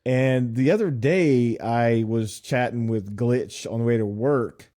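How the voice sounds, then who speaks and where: Podcast co-host from Nashville, middle-aged man, relaxed mellow voice, animated storyteller. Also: medium pitch, takes it slowly. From Nashville, USA. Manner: animated storytelling, laughs often. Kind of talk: casual chat.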